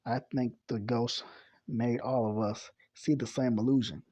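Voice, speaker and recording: A man's voice: medium pitch, fairly even intonation, measured pace, mellow, no room sound, natural voice. A man voicing a cheerful, easygoing young boy while reading a comic aloud, in his own voice. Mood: casual. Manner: read plainly, no real voice put on.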